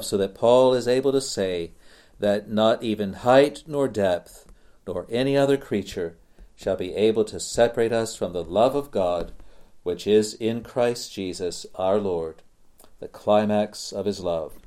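A man preaching a sermon, slow and deliberate, repeating phrases for emphasis. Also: on the low side, mellow.

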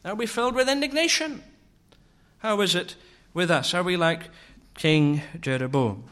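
A man preaching a sermon, asking slow, searching rhetorical questions. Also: high-pitched, lively intonation, a bit bright.

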